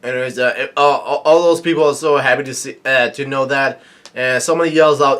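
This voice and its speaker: A man recapping a comic chapter in casual talk, halting with many fillers and restarts. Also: mid-range voice, fairly even intonation, fairly bright tone. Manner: reads quoted lines in a plain narrating voice. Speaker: manga reaction vlogger.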